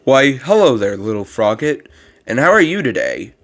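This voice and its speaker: A man's voice: mid-range voice, very animated, normal speed. A man voicing a kindly old male monster who looks after a child, talking in a formal, rambling way with a strained put-on voice. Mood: polite. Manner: gentle, formal and fond of rambling. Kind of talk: reading game dialogue aloud.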